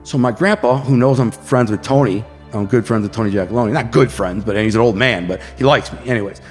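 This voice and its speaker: Detroit guy telling rough street stories on a podcast, swears a lot, voice echoes long with quiet music under it. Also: lowish voice, fairly quick. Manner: blunt, profane street storyteller who acts out quotes. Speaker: podcast guest. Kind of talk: storytelling in a casual interview.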